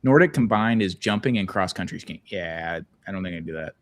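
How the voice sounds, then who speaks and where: A man runs a casual watch-along podcast, his voice sitting fairly low. He rambles easily and reads viewer comments out loud as he goes. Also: lively intonation, a little fast. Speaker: podcast host.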